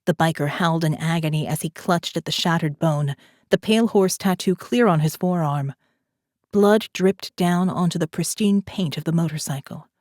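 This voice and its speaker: This is a scripted thriller narration by a woman with a low voice, working as an audiobook narrator. Her storytelling is steady and measured, recorded in a clean studio with no echo.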